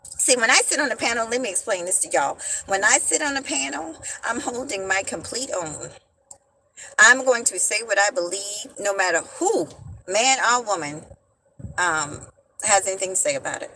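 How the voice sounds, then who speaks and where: A woman's voice: medium pitch, lively intonation, normal speed, pushed and bright, slight background noise, low-quality recording. A woman hosting a livestream. She talks straight to her viewers in casual slang and repeats her points with emphasis, into a phone she holds in her hand. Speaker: livestream host. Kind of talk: livestream commentary. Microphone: phone held in hand.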